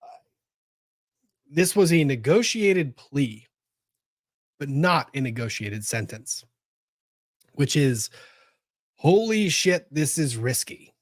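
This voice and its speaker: A man's voice: mid-range voice, no echo, studio quality. A man hosting a live legal commentary show, thinking aloud, exclaiming and swearing as he reacts.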